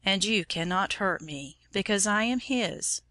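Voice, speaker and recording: A woman voicing a brave little girl with a soft, steadfast, courteous manner in a storybook reading. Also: medium pitch, lively intonation, measured pace.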